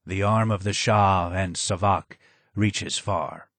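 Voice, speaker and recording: Man voicing a hoarse broken old exile, low, slow, sad, dry recording. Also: steady tone, a bit bright, no room sound, full character voice. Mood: grim. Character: broken disfigured older male ex-advisor, hoarse and sad.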